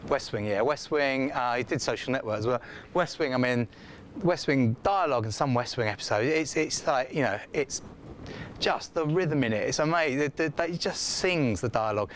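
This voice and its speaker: A man giving an informal scriptwriting lecture in a classroom, chatty and animated, acting out the feedback he quotes. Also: medium pitch, normal speed, slight background noise.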